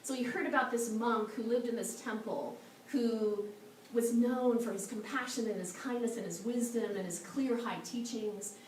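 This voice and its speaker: A woman minister giving a storytelling sermon in a church, soft and slow at times. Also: a little high, fairly even intonation. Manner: soft, slow and meditative at moments. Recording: echoey hall from a far mic, faint noise.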